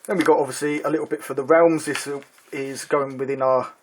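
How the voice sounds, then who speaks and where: A man's voice: a little high, a little fast, slight background noise. Chatty man reviewing a hobby magazine. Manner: relaxed, chatty, frequent ums and uhs. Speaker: miniatures hobby channel host. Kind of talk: casual product review.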